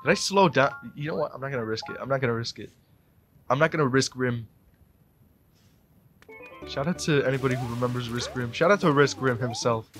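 A young man in his late teens giving rambling let's play commentary into a desk mic, breaking into sudden excited yelps. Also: medium pitch, a little fast, long pauses, faint music behind. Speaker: gamer.

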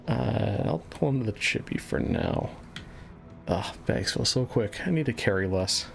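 Gravelly man streaming a game. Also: lowish voice, moderate pace. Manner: relaxed, muttering to himself while playing. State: a little out of breath. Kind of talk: casual live gameplay commentary. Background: game music.

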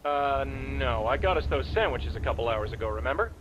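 A man's voice: medium pitch, animated, a little fast, dull audio, background noise, close to an everyday voice. An actor playing a young, anxious by-the-book male police partner, formerly military, in a game. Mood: worried. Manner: nervous, rule-bound and deferential. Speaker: game character.

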